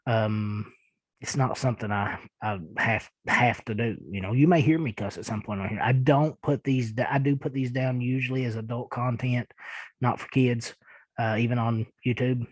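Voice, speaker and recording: A man's voice: medium pitch, moderate pace, dry recording, low-quality recording. A man with a thick Eastern Kentucky accent hosting a podcast, reading listener emails aloud and answering them in a laid-back, chuckling, self-deprecating way. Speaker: podcast host.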